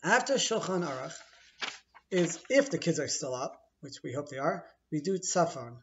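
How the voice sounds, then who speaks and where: A man's voice: fairly high pitch, lively intonation, normal speed, muffled recording, a little hiss or hum. A middle-aged man, chatty and playful, walking through a holiday ritual step by step and stopping to rephrase as he explains. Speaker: teacher. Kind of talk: casual explanatory video.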